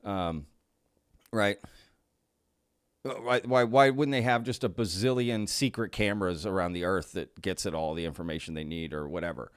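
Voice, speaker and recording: A man's voice: low voice, moderate pace, clean tone, no room sound, clean studio sound. A man hosting a commentary video, musing aloud with many questions and restarts, laughing now and then. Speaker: commentary host. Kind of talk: casual reaction commentary.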